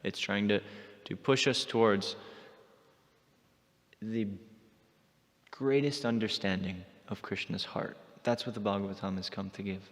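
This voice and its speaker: A man giving a scripture class in an animated storytelling manner, in a temple hall. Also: fairly low pitch, measured pace, long pauses. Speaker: class speaker.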